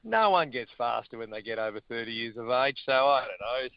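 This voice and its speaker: A middle-aged Australian man talking sport in a blokey, animated way. His voice is dry and close, with a slightly dull, muffled sound. He sits at a middling pitch for a man. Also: brisk, creaky, clear, resonant tone, dry recording. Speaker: guest, former rugby player and radio host. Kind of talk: casual sports chat.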